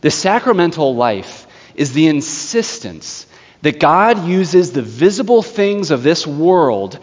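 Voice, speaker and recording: Animated male pastor in an echoing church. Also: a little high, takes it slowly. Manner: animated storytelling. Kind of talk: sermon. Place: church sanctuary. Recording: echoey church hall, slightly dull.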